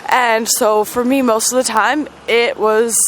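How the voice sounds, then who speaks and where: A woman hosting a podcast, talking candidly in a personal monologue, emotional and profane, swinging between loud outbursts and quiet murmurs. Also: fairly high pitch, steady tone, measured pace, a little hiss or hum. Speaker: podcast host.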